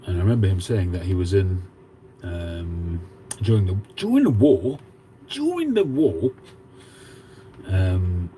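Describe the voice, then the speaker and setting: A man's voice: sits low, dark tone, slight background noise, poor audio. A man in his fifties with a Cockney accent, hosting a casual livestream and chatting with viewers as he reads out their comments. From England. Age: 50s. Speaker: livestream host.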